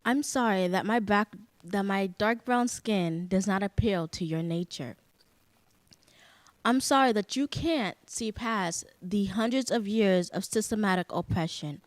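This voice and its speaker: A woman's voice: medium pitch, no room sound. Teenage girl reciting spoken word. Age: teens. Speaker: youth poet.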